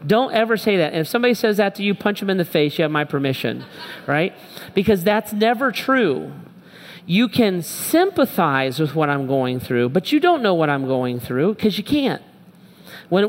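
A middle-aged pastor giving a sermon, speaking candidly and emphatically and repeating short phrases. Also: male voice, sits high. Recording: long reverb from a large hall.

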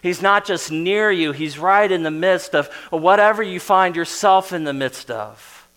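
Middle-aged male pastor, slightly high voice, earnest sermon delivery, hushed lows and emphatic peaks. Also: measured pace, smooth. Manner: earnest preaching with sudden drops to a soft voice and emphatic bursts.

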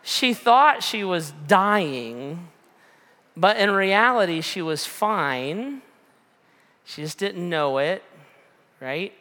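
Casual storytelling preacher, bright voice, fairly high, rambling delivery, long hall reverb. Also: male voice, expressive, slow pace, pauses often. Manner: rambling, casual, many fillers and restarts. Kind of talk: storytelling sermon.

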